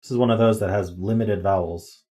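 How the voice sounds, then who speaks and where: On a desk microphone, a man with a lowish, steady, mellow voice talks briskly while streaming live. He chats casually through word games, thinking aloud with ums and guesses.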